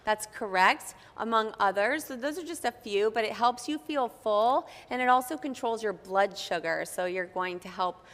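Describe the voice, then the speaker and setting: A woman's voice: on the high side, normal speed, hardly any pauses, a bit bright. Dietitian lady explaining fiber, friendly and chill, echoey room. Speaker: dietitian and host. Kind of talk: casual health chat. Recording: long reverb in a hall-like room.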